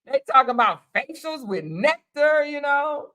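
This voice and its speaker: A woman's voice: sits high, very animated, unhurried, bright, forceful tone. A woman hosting a casual live stream, reading out viewer comments, teasing and laughing as she talks straight to her viewers.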